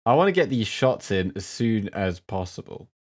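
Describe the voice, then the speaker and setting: A man streaming a strategy game, chatting with viewers between sudden excited outbursts. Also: fairly low pitch, moderate pace. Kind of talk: live gameplay commentary.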